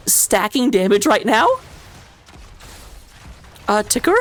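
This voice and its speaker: A woman casting a live video game match as commentator, playful and jokey, her voice jumping up with sudden excitement. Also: on the high side, brisk. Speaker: esports caster.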